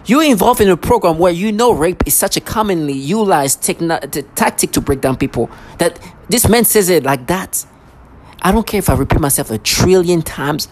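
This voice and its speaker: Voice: medium pitch, darkish tone, slight background noise. Agitated rambling vlogger, stammering restarts. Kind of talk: rambling personal monologue.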